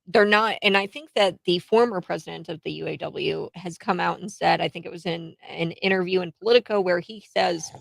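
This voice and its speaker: A woman hosting a political talk show, chatty and quick to laugh between points. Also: on the low side, steady tone, creaky, fairly bright tone, dry recording. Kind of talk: casual political chat.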